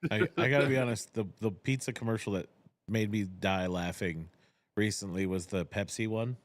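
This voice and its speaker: A man co-hosting a podcast, stammering and repeating words in casual chat. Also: lowish voice. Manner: stammering restarts, quick to laugh. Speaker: podcast co-host.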